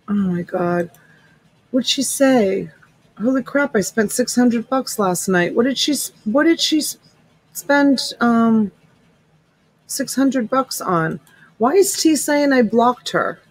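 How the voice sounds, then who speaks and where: A woman's voice: fairly high pitch, lively intonation, slow, breathy edge, no room sound, low-quality recording. A middle-aged woman hosting a live-stream sale in casual chat, greeting viewers by name and calling them honey and sweetheart. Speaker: live-stream reseller host. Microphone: USB desk mic.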